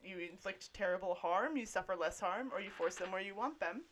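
A woman running a tabletop game, explaining the rules with quick, laughing, playful chat. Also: mid-range voice. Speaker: game master.

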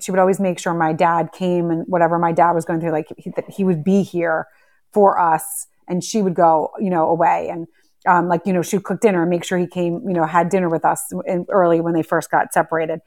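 A woman's voice: on the low side, level tone, a little fast, a little mellow. A woman in a casual chat, speaking earnestly and reflectively as she affirms the guest.

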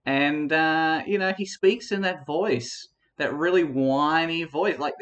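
A man's voice: fairly high pitch, slow, a bit bright. A man co-hosting a podcast, arguing a comic mock debate against himself in a rambling, conspiratorial way with frequent laughs. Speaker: podcast co-host.

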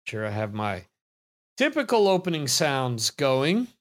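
Slow-talking man hosting a trivia stream. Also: mid-range voice, wildly swooping pitch. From United States. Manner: rambling, chatty, reads viewer comments aloud. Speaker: trivia show host. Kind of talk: casual live-stream chat. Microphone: computer microphone.

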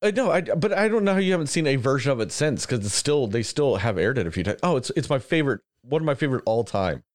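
A man's voice: medium pitch, quick pace, no echo. A man chats loosely on a podcast, swearing freely and jumping between thoughts. His voice sits mid-range and sounds dry and close to the mic. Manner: profane, animated, rambling. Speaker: podcast host. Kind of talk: casual chat.

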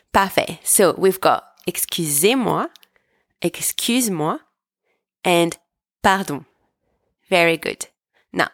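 A woman leads a language lesson at a very slow, patient pace, leaving pauses for learners to repeat after her. Her voice sits a little low, and the recording is dry and close with no room sound. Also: no room sound. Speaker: language teacher.

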